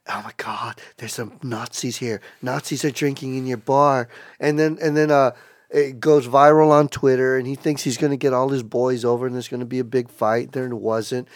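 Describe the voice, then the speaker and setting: A man as a podcast guest in casual chat, telling stories in a profane, animated way. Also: medium pitch, dry recording, clean studio sound.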